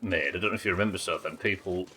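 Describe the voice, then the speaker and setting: A man's voice: low voice, very fast, sharp tone, slight background noise. A British man giving live commentary while streaming a game, swearing often, muttering to himself and chatting with his viewers. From Britain.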